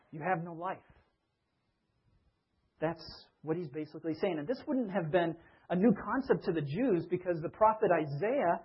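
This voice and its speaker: Guy preaching a sermon, chatty, keeps asking the crowd questions, kinda husky, muffled lo-fi audio. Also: fairly high pitch. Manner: conversational, asks listeners questions. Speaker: pastor.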